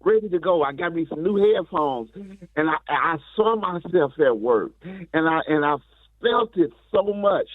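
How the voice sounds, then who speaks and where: A man's voice: fairly high pitch, animated, no room sound. A man calling in to a morning radio show, rambling and preachy, humming as he talks. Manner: rambling, preachy, drawn-out hums. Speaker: caller, comedian filling in. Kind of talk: comic phone bit. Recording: dry tinny phone line.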